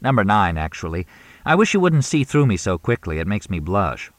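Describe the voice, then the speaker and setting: A dry-witted journalist, deadpan and quick with a quip, low-voiced. A male reader voices him in a dry, close recording. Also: no echo. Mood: wry.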